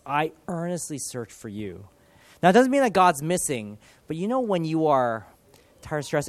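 A man in his thirties preaching a sermon, earnest and animated, swinging from loud emphasis to soft, quiet lines. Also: mid-range voice, no echo. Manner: earnest, animated, with dramatic shifts in loudness. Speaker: pastor.

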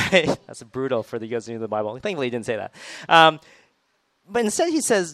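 A man's voice: a little high, expressive, fast talker, a bit bright, no echo. A man preaching a sermon in a conversational way, retelling scripture and acting out quoted lines with rising emphasis.

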